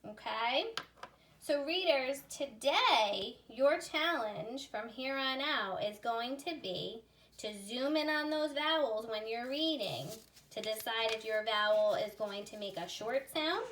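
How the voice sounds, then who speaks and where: A woman teaching a phonics lesson to young readers, sounding out words slowly and clearly. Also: on the high side, lively intonation, a bit bright. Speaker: reading teacher. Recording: voice a little far from the mic.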